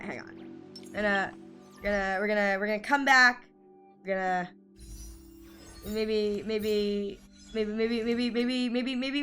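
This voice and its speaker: A woman streaming a game who talks in a casual, chatty way, gets excited easily and repeats words over and over. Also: fairly high pitch. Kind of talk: casual live-stream chat while gaming.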